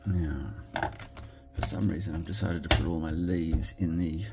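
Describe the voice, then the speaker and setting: An Australian man talking casually as he makes a card, thinking aloud and quietly murmuring approval at his work. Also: sits low, fairly even intonation, normal speed, creaky, heavy background noise. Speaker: card-making crafter. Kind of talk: casual commentary while crafting.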